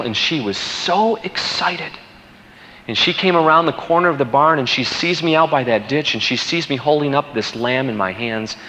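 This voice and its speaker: A man telling a personal story in an animated way, rushing through exciting moments and dropping low and quiet at grave ones. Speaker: guest speaker telling a story. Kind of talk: storytelling from a played recording. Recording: dull, echoey played recording with faint noise.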